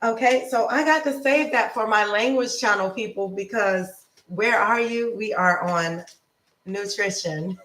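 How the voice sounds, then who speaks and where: A woman hosting a casual livestream, chatty and upbeat, greeting viewers by name and wandering between topics, slowing down to pronounce foreign words. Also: fairly bright tone, echoey room, low-quality recording. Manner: slows down to pronounce foreign words with bursts of high pitch. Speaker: lifestyle and nutrition livestream host.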